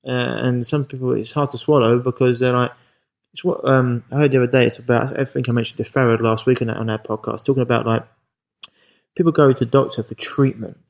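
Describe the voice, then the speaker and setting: A man talks at a quick clip with a gravelly, creaky edge to his voice. he is the podcast host, telling stories about his coaching clients in a relaxed conversational way. he acts out their lines as he goes. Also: mid-range voice, rough recording. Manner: animated storyteller acting out client quotes.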